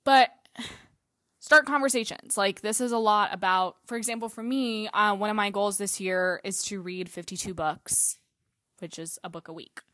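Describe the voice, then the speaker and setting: A woman's voice: mid-range voice, normal speed, fairly bright tone, no room sound. A woman hosting a solo podcast in a casual, chatty way, full of fillers and the odd swear word. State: out of breath. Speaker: podcast host.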